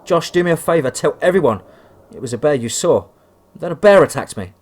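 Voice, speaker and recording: A man's voice: on the high side, animated, fairly quick, voice pushed up. A man voicing a frightened but protective seventeen-year-old boy who talks in an urgent, insistent way.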